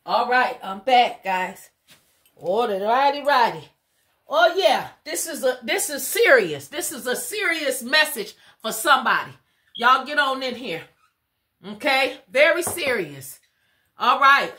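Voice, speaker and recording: Woman, live spiritual reader; rhythmic call-and-response delivery, loose and conversational, high voice. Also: very animated, unhurried, bright, forceful tone. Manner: casual and chatty. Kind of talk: live spiritual tarot reading.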